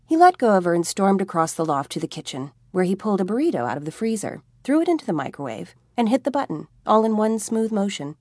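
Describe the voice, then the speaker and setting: A woman narrating an audiobook with an expressive, wry comic reading. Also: medium pitch, fast talker, hardly any pauses, dry recording, studio quality. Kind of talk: scripted narration.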